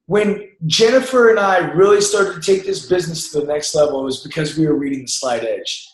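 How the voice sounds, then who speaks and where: High-voiced man giving an emphatic pep talk. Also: fairly quick. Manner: emphatic, coaching, acts out quoted doubters. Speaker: motivational speaker. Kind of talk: motivational talk to a group. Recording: echoey room.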